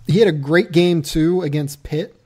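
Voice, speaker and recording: A man's voice: a little high, normal speed, darkish tone. A man hosting a podcast, chatting casually and loosely about basketball draft prospects, laughing at himself. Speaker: podcast host.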